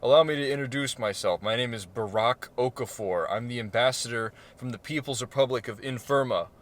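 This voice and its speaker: A man voicing a calm, formal male ambassador who speaks in a measured way. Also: mid-range voice, lightly acted. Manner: formal and measured, growing fearful.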